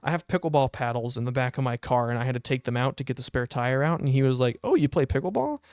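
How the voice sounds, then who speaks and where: Smooth-voiced young man telling a wry story. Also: medium pitch, fast, no room sound, clean studio sound. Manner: animated, wry storytelling with quoted asides. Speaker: podcast host. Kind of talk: casual anecdote telling.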